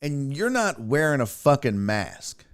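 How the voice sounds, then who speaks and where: A man's voice: mid-range voice, very animated, measured pace, clean tone. A man hosting a podcast, telling rambling road-trip stories in casual, profane talk. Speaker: podcast host. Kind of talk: casual storytelling monologue.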